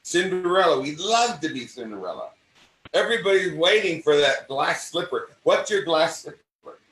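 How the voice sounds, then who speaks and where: An older man with a mid-Atlantic accent, an acting coach hosting a conversation and talking in an animated way that often restarts and repeats phrases. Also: fairly high pitch, moderate pace. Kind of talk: casual conversation. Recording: roomy sound from a distant mic.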